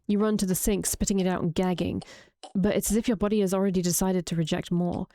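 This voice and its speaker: A woman reading a horror visual novel aloud, drawing out the grisly parts slowly with brief reactions. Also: medium pitch, fairly even intonation, mellow. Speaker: streamer reading a game aloud.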